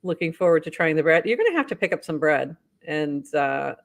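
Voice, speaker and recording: A woman's voice: sits low, very animated, brisk, vocal fry. A woman co-hosting a casual talk show, upbeat, reading posts aloud and laughing often. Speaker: podcast co-host. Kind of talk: casual news roundup chat.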